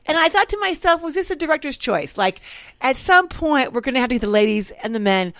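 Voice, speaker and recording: Chatty lady cohost, high voice, lots of "like" and acted-out asides. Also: fairly quick, no echo. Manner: animated, many fillers and quoted asides. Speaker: podcast co-host. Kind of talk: casual chat.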